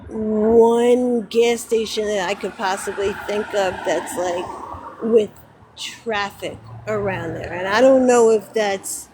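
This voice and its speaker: A woman's voice: medium pitch, slow pace, background noise. A woman livestreaming casual chat from outdoors near a road, rambling and correcting herself, close to tears with frustration.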